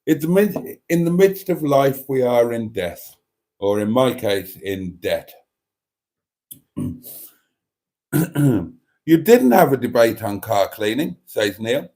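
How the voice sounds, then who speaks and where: Here a middle-aged man, his voice mid-range and somewhat dark, swings widely in pitch as he takes his time and pauses often. Running a laid-back livestream, he reads viewers' comments loudly and answers them with playful denials and offhand chatter.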